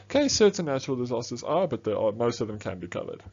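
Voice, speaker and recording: A man runs through a business studies revision lesson, talking quickly and casually and checking in with "okay" as he goes. His voice sits at a middle pitch. The recording is a little dull and lo-fi. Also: very animated, gravelly, darkish tone, breathy edge. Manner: quick, chatty explaining with frequent "okay"s.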